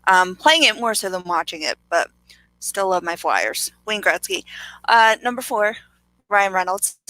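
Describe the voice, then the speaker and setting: A woman's voice: mid-range voice, lively intonation, measured pace, pushed and bright, no room sound, rough recording. A woman co-hosting a talk show, chatting eagerly and bubbly about her favorites. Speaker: co-host. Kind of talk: casual chat.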